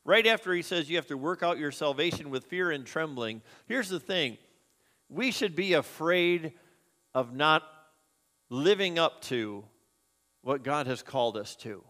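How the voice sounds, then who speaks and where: Pastor guy preaching, kinda high voice, long hall echo, talks straight to folks. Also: lively intonation, a little slow, pushed and bright. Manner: earnest, conversational preaching with rhetorical questions. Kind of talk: sermon.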